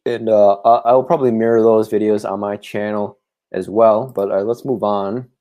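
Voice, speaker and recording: Podcast guy reading news stories w/ ums and uhs, lowish mellow voice, own mic. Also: steady tone, moderate pace. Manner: reads news text with filler words. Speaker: podcast host. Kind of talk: news commentary. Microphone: own desk microphone.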